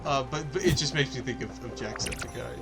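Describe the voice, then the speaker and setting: A man's voice: medium pitch, a little fast, vocal fry, music in the background. A man co-hosting a gaming video, rambling and teasing his friend in casual chat. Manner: rambling, restarts a lot, teasing. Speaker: gaming channel co-host. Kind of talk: casual chat over gameplay.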